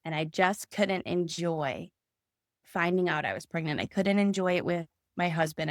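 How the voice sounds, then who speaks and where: Earnest woman with a lowish voice. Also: dry recording, clean studio sound. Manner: earnest, conversational, acts out remembered dialogue. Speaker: podcast guest. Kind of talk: personal storytelling in an interview.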